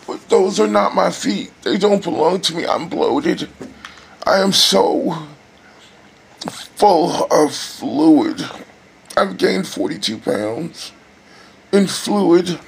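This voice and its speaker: Weary man, gravelly, near tears. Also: sits high, animated, slight background noise. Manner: emotional, sighing, halting. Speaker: vlogger. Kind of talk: personal video diary. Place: hospital room.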